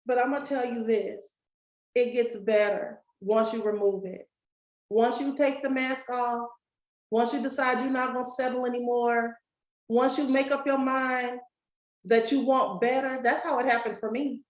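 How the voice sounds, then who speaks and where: A woman's voice: on the high side, steady tone, moderate pace, reverberant, low-quality recording. A woman giving a folksy motivational talk to a live and online audience, speaking straight to the crowd. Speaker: summit speaker and coach.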